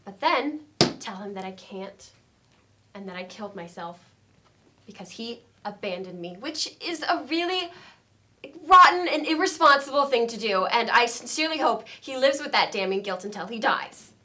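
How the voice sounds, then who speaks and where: Bitter deadpan woman, dark humour, played by an actress; bright, sharp tone, slightly high. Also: moderate pace. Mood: dry. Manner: deadpan, dry, hesitant with ums. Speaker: actor in a scene. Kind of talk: stage comedy scene. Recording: faint noise in a training studio.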